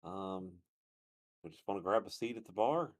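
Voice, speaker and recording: A man's voice: sits low, expressive, normal speed, no echo. A man playing at a tabletop game, chatting casually and sounding unsure of himself. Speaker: player.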